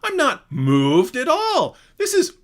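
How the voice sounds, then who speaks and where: Casting: man impersonating an older pun-loving male philosopher, pitched well above his own voice, slow and stretched, smug professorial tone. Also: huge pitch swings, exaggerated voice. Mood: smug punning.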